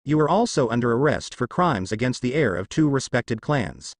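Man reading stern old elder, curt commands, mid pitch, lively intonation, dry sound. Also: normal speed, no echo, natural voice. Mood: commanding. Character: stern, ruthless old male village elder.

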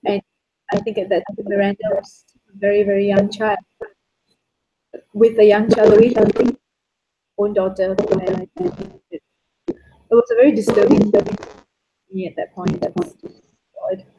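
A woman's voice: medium pitch, little pitch movement, measured pace, pauses often, mellow, slightly rough. A woman hosting a live video call who talks in a hesitant way with many fillers. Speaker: host. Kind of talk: casual chat. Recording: dull lo-fi video call audio.

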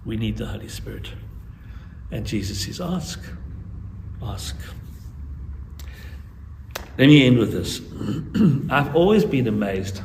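An older man from South Africa preaching a sermon as guest preacher, earnest and pleading by turns, with lively storytelling. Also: medium pitch, normal speed, pauses often. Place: church sanctuary. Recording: echoey church with faint ambient noise.

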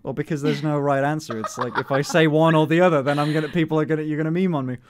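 A man's voice: on the high side, steady tone, very fast. A young man streaming live, casually chatting, flustered and stammering with nervous laughs.

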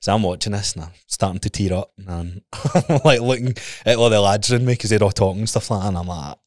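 Lower-pitched Scottish man telling stories. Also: fast, dry recording, studio quality. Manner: swearing storyteller, chuckling often. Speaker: podcast co-host. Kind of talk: casual chat.

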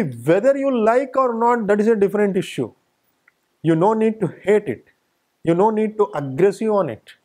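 A man's voice: high voice, dark tone, husky. A man giving a spiritual discourse, speaking emphatically and building his points through repeated phrases. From India. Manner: emphatic, repetitive lists. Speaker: spiritual teacher. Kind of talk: satsang discourse.

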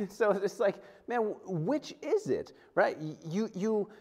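A pastor with a high voice preaches slowly and conversationally, stumbling often, restarting, and acting out quotes. His manner is animated.

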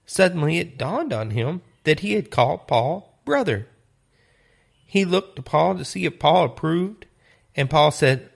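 A man teaching a Bible lesson, retelling stories in a deliberate, earnest way. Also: a little high, very animated, gravelly, breathy edge. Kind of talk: sermon storytelling.

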